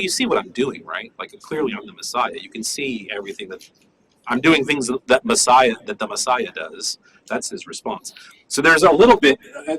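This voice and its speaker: A man's voice: mid-range voice, bright, forceful tone, slight background noise, poor audio. A man teaching a class on a Bible passage, talking conversationally and checking in with "right?" as he goes. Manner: conversational, many fillers and "right?" asides. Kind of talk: classroom lecture on scripture.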